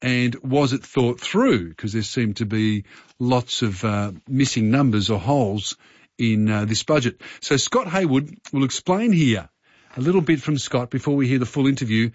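A man's voice: mid-range voice, normal speed, darkish tone, slightly rough, no echo, dull audio. A man hosting a radio show from a studio, talking loosely with many fillers. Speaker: radio host. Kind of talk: casual radio talk.

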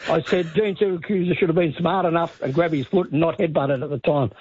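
A man's voice: a little high, steady tone, fairly quick, a little mellow, breathy edge. A man calling a radio show, blunt and opinionated. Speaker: caller. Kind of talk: talkback call. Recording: tinny phone line.

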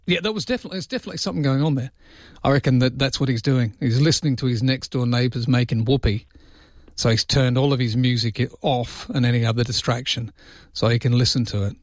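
On late-night talkback, an Australian host talks fast in a medium-pitched voice, rambling chattily and erupting in mock-indignant outbursts. He's on a studio microphone, and the sound is clean with no echo.

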